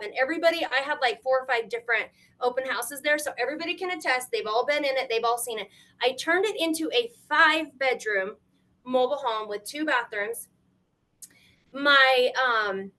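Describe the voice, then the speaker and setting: A high-pitched middle-aged grandmother tells her story as a guest on a live stream. She is animated and emotional, tearful at times, and acts out what people said by quoting them in shifting voices.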